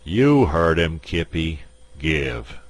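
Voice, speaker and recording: A man voicing a graying gambling boss who speaks quietly with calm authority. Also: very deep voice, very slow, exaggerated voice. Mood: cool. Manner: quiet, soft-spoken authority. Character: graying, broad-shouldered male gambling boss, cool.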